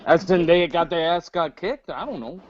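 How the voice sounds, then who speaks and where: A man's voice: on the high side, normal speed, noisy background. A playful, teasing man joking with friends in an online group chat. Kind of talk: casual group video chat. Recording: lo-fi video call audio.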